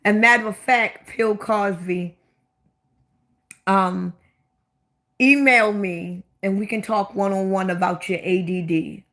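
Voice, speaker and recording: A woman's voice: medium pitch, steady tone, slow, long pauses, fairly bright tone. A woman with a Baltimore accent, chatting bluntly and at length on her own livestream, often repeating her questions for emphasis. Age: older than 25. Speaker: livestream host. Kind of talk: casual livestream chat.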